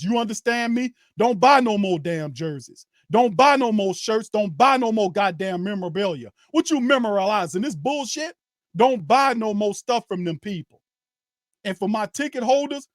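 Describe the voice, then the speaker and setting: A man's voice: high-pitched, dry recording, clean studio sound. A man hosting a sports show, ranting in a heated, profane way and speaking straight to his viewers and chat. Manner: addresses viewers and chat directly. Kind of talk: angry sports rant.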